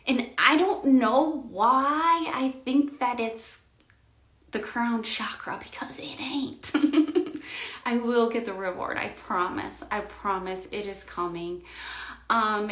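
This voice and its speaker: A woman giving an emotional spiritual monologue, swinging between loud outbursts and quiet murmurs, near tears. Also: on the high side, reverberant. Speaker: spiritual vlogger.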